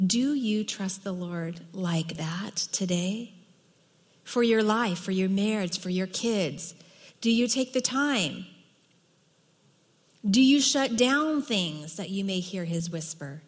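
Middle-aged woman preacher, earnest and emphatic, mid-pitched, long hall echo. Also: animated, slow pace. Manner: earnest, emphatic, drops to soft tones for quoted words. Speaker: women's Bible teacher. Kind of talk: sermon.

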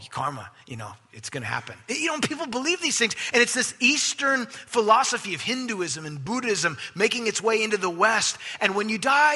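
Emphatic high-voiced male preacher. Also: husky. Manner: emphatic, swings from loud stresses to hushed asides. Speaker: pastor. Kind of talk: sermon. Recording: long hall reverb.

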